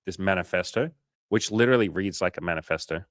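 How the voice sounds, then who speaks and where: A man's voice: deep voice, fast talker, no room sound, studio quality. A man hosting a coaching livestream, telling stories casually with lots of swearing and acted-out dialogue. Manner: animated storytelling, swearing, acting out quoted dialogue. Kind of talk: casual livestream chat answering viewers.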